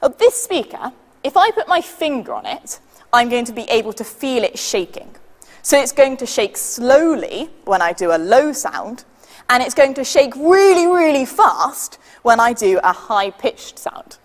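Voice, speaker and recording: A woman with a British accent leading a children's science demonstration, patient and lively, counting down for the audience to join in. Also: a little high, unhurried, long reverb tail. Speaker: science workshop leader.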